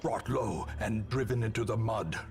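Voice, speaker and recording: An actor voicing a grave male narrator of a dark game, delivering solemn, measured lines. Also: on the low side, faint music behind, close to an everyday voice. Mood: grim. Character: grave old male dungeon narrator, doom-laden.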